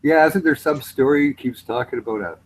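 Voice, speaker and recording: A man's voice: medium pitch, fairly quick, rough recording. A man from Canada in a casual voice chat, telling stories with a laugh and slipping into other accents. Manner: animated, puts on British accents while retelling, laughs often.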